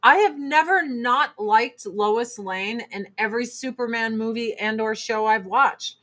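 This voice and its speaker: A woman in her forties chatting casually and profanely on a livestream, answering chat between product pitches. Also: measured pace, fairly bright tone. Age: 40s. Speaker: livestream host and Avon seller.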